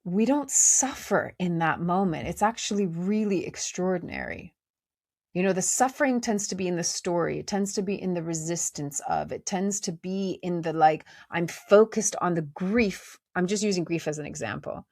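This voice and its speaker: A woman hosting a podcast, speaking in a gentle, conversational way with many fillers as she reflects on inner life. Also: fairly low pitch, animated, moderate pace, no echo, studio quality. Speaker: podcast host. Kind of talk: reflective spiritual talk.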